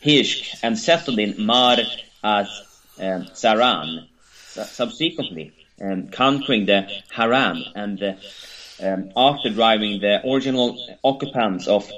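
A man co-hosting a talk show, reading a history text aloud in a halting, hesitant way, with many fillers and stumbles over names. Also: on the low side, fairly bright tone, highs cut off. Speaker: podcast co-host.

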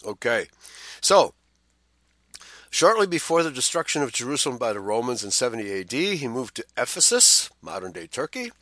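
Man, co-host, reading aloud with asides, bright voice, middle pitch, dry close sound. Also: big pitch swings, normal speed, creaky, dry recording. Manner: reads passages with side remarks and frequent "uh" fillers. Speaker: co-host of a Bible study show. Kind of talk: reading a text aloud with commentary.

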